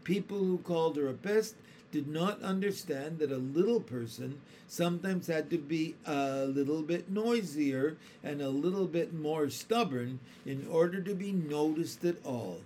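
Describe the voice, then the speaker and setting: A man reads a children's chapter book aloud, taking his time over every sentence. His voice sits a little high for a man. A faint hiss runs behind the reading. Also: warm tone. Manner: slow, careful storytelling. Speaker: storybook reader.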